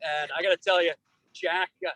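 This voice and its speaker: A man running for office, answering an interviewer's closing question in a folksy, emphatic way with lively anecdotes. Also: a little high, brisk, dry recording, rough recording. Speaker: political candidate.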